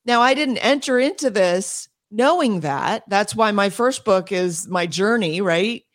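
A woman speaking as an interview guest and homeschool advocate, emphatic and quick, with frequent laughs and restarts. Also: medium pitch, animated. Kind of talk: passionate interview talk.

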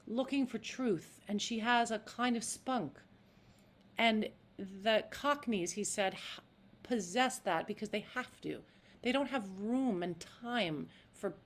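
An actress talking as a podcast guest in an animated, demonstrative way. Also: female voice, mid-range voice. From United States. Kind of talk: interview.

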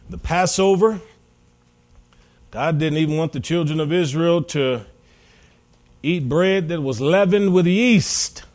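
Folksy American pastor preaching. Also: male voice, fairly high pitch, a little mellow. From United States. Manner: folksy storytelling with quoted dialogue. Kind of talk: sermon.

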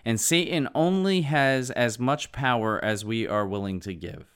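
An earnest male preacher delivers a sermon with emphatic lines and halting asides. His voice is smooth and resonant, at a middle pitch for a man. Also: fairly bright tone.

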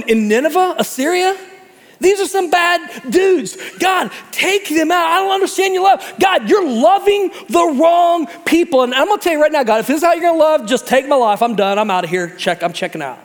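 Brief: male preacher playing a melodramatic prophet, high pitched, shouting his grievances, reverberant hall. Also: animated, normal speed. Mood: exasperated. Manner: shouting, exasperated complaining. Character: indignant male prophet, fed up and dramatic.

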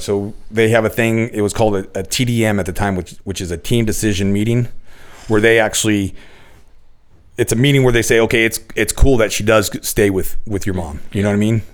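A man's voice: fairly low pitch, steady tone, a little fast. A man in his thirties telling his own story in casual podcast talk, blunt and full of cursing and restarts.

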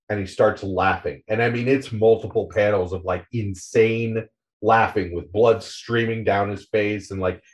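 Man, podcast host, casual comic recap, profane, muffled lo-fi sound. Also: on the low side. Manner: loose, profane retelling.

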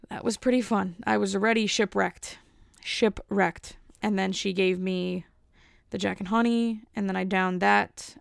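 Rambling woman with a gravelly, flat voice. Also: medium pitch, dry recording, studio quality. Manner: rambling, filler-heavy storytelling. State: a bit out of breath. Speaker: podcast host. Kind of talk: casual solo podcast chat.

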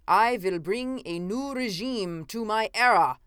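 A woman's voice: on the low side, sing-song, a little slow, fairly bright tone, no echo, clean studio sound. A woman reading an audiobook, voicing a menacing male villain who rants and snarls about ruling the world. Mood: ranting. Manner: snarling, triumphant ranting. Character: menacing scheming man, megalomaniac villain.

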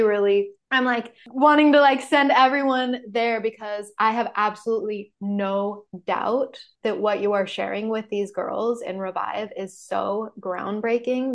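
A woman hosting a podcast, talking in a casual, lively way with frequent fillers and laughs. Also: mid-range voice. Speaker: podcast host. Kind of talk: casual chat.

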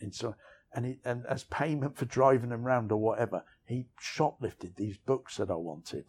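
A man's voice: on the low side, a little fast, a little mellow, breathy edge. A middle-aged man, a writer and interview guest, telling frank personal stories in a rambling way, often saying "you know what I mean". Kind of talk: candid personal storytelling.

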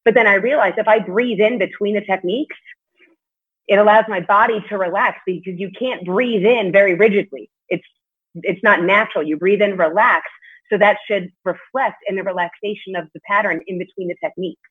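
A woman's voice: medium pitch, fairly even intonation, a little fast, slightly rough. A woman guest in a casual interview, speaking candidly and chattily and swearing now and then. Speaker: podcast guest, martial arts competitor. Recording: tinny phone-like line.

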